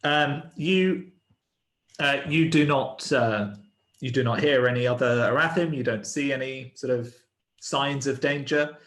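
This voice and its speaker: A man running a tabletop game as game master, describing the scene in a measured way. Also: mid-range voice, fairly bright tone. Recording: roomy echo.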